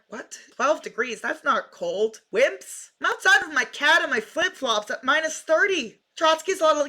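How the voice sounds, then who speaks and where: Blunt, ranting woman with a bright voice. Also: fairly high pitch. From Canada. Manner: blunt, sarcastic, profane ranting. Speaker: commentary vlogger. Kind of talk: ranting news commentary.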